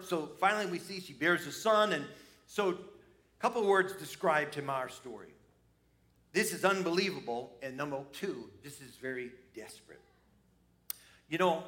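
A man preaching a sermon, animated and lively, dropping to quiet asides to his congregation. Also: a little high. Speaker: pastor.

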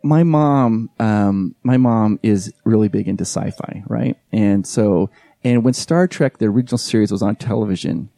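A man's voice: fairly low pitch, moderate pace, vocal fry, dry recording, clean studio sound. A man in his forties, a podcast guest and event emcee, telling a story in casual chat and acting out the lines of the people in it. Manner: animated storyteller who acts out quoted dialogue.

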